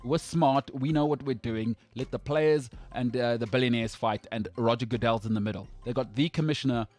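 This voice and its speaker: A man hosts a sports talk show with loud, opinionated bravado. He leans hard into his jokes and punches his lists with emphasis. His voice sits at a middling pitch, and faint music plays underneath. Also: fairly quick. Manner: brash, emphatic, jokey rants.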